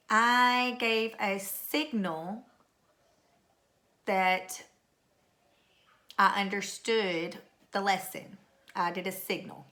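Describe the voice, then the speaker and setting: A woman's voice: medium pitch, a bit bright. A middle-aged woman teacher recording a spelling lesson at home, patiently calling out words and spelling them letter by letter.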